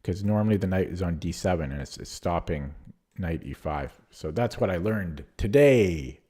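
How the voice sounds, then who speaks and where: A man's voice: deep voice, animated, normal speed, dark tone, breathy edge. A man commentating his own online chess games casually, thinking aloud with many fillers and restarts, his voice getting worn out. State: losing his voice. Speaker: chess streamer.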